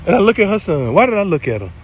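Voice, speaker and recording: Guy with a high voice ranting a story to his viewers, all over the place pitchwise, faint traffic behind. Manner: animated, swings between loud and low, swears freely. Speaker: spiritual video creator.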